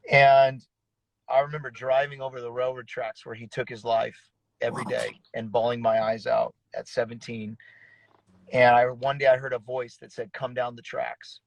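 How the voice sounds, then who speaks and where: A man's voice: mid-range voice, level tone, normal speed, vocal fry, no echo, low-quality recording. A man in his thirties, a pastor, telling his story in an earnest, emotional way with frequent restarts. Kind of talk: conversational testimony in an interview.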